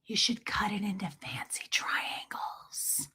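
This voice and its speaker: A woman putting on her mother's voice, a fussy mom giving earnest advice in a slow, breathy whisper. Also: medium pitch, animated, bright, forceful tone, heavily acted.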